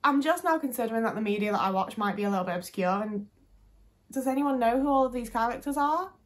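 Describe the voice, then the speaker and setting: A woman's voice: fairly high pitch, fast. A young woman talking casually to camera, chatty and full of fillers, with some swearing. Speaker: vlogger.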